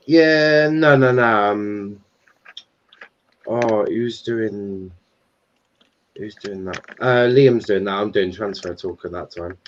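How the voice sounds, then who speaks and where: A man's voice: fairly low pitch, takes it slowly, pauses often, highs cut off, a little hiss or hum. A man hosting a live football stream, chatting casually with loose banter, swearing and restarts. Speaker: stream host.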